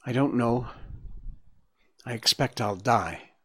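A man voicing a weak young male fawn who speaks gently, quietly and earnestly. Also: mid-range voice, unhurried, dry recording, lightly acted. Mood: resigned.

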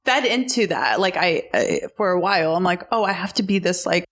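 A woman's voice: lowish voice, lively intonation, a little fast, a bit bright. A woman from Alabama talking as a guest in a casual chat, candid and rambling with lots of restarts. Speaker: guest comedian.

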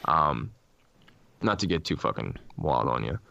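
A man's voice: very deep voice, very animated, measured pace, gravelly, sharp tone. A man hosting a casual podcast, telling ghost stories animatedly with lots of swearing and restarts. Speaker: podcast host.

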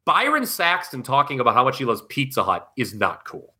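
A man co-hosting a podcast in loose, casual chat. His voice sounds bright and forceful, and it rises and falls widely as he talks. He speaks bluntly and swears freely. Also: medium pitch, wildly swooping pitch, fairly quick, slightly rough. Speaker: podcast co-host. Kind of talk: casual wrestling review chat.

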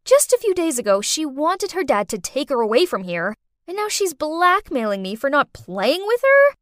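A young woman narrating a first-person animated story in a dramatic, exclaiming manner. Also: high voice, moderate pace, no echo, studio quality. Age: young adult.

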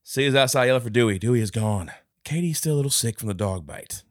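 A man's voice: mid-range voice, fast talker, no room sound, studio quality. A man co-hosting a casual movie review podcast, retelling scenes with lots of swearing and acted-out voices. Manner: animated, swears a lot, acts out lines in big voices. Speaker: podcast co-host.

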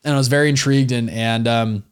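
A young adult man, an entrepreneur guest in an interview, telling stories in a slangy, animated way with many fillers. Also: mid-range voice, quick pace, clean tone. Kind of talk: casual interview storytelling.

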